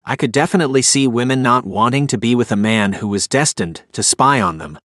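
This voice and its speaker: Guy narrating an audiobook in first person, even and measured, mid pitch, dry close mic. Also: no echo.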